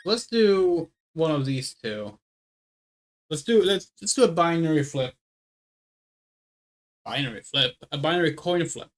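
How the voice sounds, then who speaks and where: A woman's voice: sits low, expressive, a little slow, pauses often. A woman streaming a game, chatting casually with her viewers and thinking aloud as she picks options, referring to herself as "we". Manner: thinking aloud, rambling, speaks of self as "we". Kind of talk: casual let's play commentary.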